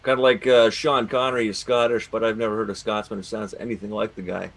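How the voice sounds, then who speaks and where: A man's voice: on the low side, level tone, quick pace, vocal fry, a little hiss or hum. A Canadian man co-hosting a podcast, talking in a rambling way with many restarts. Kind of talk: casual podcast banter.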